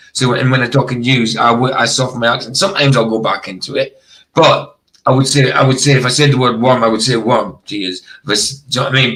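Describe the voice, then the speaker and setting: A man from northeast Scotland with a Doric Scottish accent, rolling his R's strongly in casual chat as a stream host; his voice is a bit rough today. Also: medium pitch, fairly bright tone, poor audio. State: slightly rough voice.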